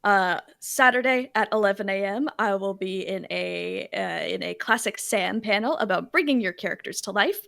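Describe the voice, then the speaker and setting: A woman's voice: mid-range voice, normal speed, vocal fry, hardly any pauses, a bit bright, dry recording, studio quality. A woman player on a tabletop show, chatting casually and rambling through her upcoming plans with lots of fillers. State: emotional, near tears. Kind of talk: casual chat, plugging upcoming shows.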